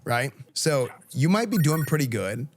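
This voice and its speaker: A man's voice: mid-range voice, big pitch swings, moderate pace. A young man from Texas, a streamer talking casually to a school class and answering questions in an informal, chatty way full of restarts. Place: classroom, indoors.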